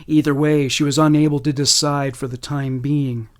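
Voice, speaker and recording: A man giving scripted narration in a measured, serious way. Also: a little high, flat delivery.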